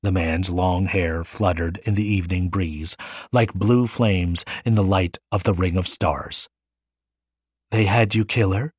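Man, audiobook narrator, husky voice, steady reading, dry close sound. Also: sits low, measured pace, dry recording.

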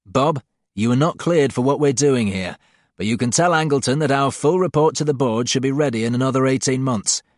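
A man's voice: medium pitch, brisk, dry recording, studio quality, close to an everyday voice. A man playing a cryptic, genial old theoretician. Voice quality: clipped, cryptic.

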